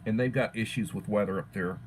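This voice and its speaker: A man's voice: lowish voice, a little fast, slight background noise, low-quality recording. A middle-aged man from Texas hosting a casual livestream chat, greeting viewers by name and repeating words as he thinks. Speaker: livestream host.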